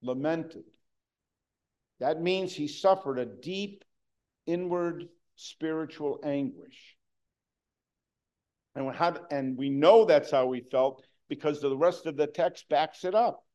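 A man preaching a sermon, earnest, moving between hushed and emphatic delivery. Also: fairly high pitch, takes it slowly.

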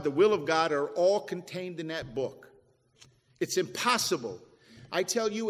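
High-voiced man preaching in an echoey hall. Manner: preaching with rising and falling emphasis, quoting scripture. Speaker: pastor. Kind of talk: sermon. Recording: echoey hall with long reverb.

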